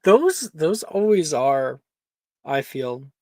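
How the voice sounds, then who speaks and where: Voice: mid-range voice, big pitch swings, slow pace, darkish tone, no room sound. A game master running a tabletop game, chatty and explaining spells, laughing often.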